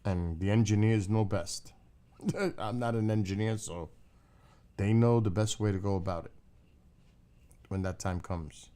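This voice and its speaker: A man's voice: fairly low pitch, measured pace, pauses often, dark tone, clean tone. A man chatting casually on a live stream, laid-back and rambling, swearing now and then and talking to his dog between comments. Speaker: skywatching livestreamer.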